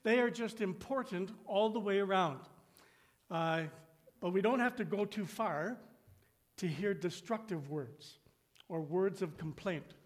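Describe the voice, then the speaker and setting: A man with a high, light voice delivers a sermon to his congregation. He slows down and falls to a near hush on the phrases he wants to land, then rises sharply to mimic whiny complaints. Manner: acts out complaining voices with rising pitch. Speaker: pastor.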